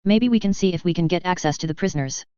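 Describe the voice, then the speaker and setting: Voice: medium pitch, fast, darkish tone, clean tone, no echo, muffled recording, natural voice. A narrator voicing a small, practical female alien in a suit who explains things plainly. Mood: matter-of-fact. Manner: plain, matter-of-fact, explaining.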